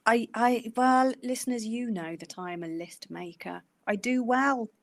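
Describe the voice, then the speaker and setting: A woman's voice: on the high side, unhurried, no room sound. A middle-aged woman, a nurse co-hosting a podcast, talking casually in a rambling way with many fillers. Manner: rambling, says she goes off on tangents, many fillers. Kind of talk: casual advice chat.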